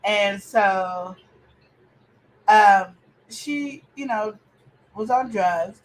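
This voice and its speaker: A woman hosting a family podcast chat, talking in an animated, opinionated way with preachy outbursts. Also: medium pitch, extremely slow, low-quality recording. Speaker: podcast host.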